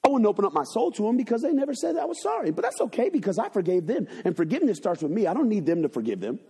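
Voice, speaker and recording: A man preaching a sermon to his congregation from a church, swinging between loud, urgent passages and low, hushed ones, with call-and-response phrases. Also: husky. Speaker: pastor. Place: church sanctuary.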